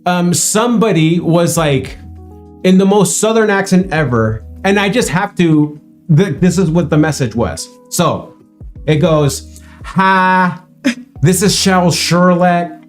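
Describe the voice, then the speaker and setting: A man's voice: fairly high pitch, animated, a little slow, a little mellow, faint music behind. A young man, Spanish-speaking since childhood, telling stories in casual livestream chat and laughing often. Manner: chatty storyteller, laughs often. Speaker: co-host of livestream.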